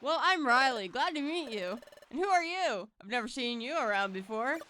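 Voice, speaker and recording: A woman's voice: fairly high pitch, animated, normal speed, pushed and bright, a little hiss or hum, pitched above the performer's own voice. A woman voicing an earnest, anxious young male creature sidekick from a game, reading his lines aloud. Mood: surprised. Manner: pleading, worried.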